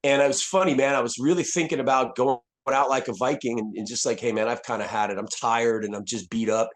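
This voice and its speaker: A man's voice: medium pitch, steady tone, quick pace. A man in his fifties, a retired soldier speaking as a podcast guest, telling his story candidly in a blunt, profane way with many restarts. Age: 50s.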